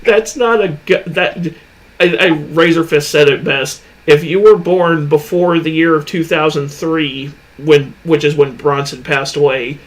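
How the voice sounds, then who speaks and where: Male co-host, joking casual banter, slightly high pitch. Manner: joking, laughs a lot. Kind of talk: casual chat.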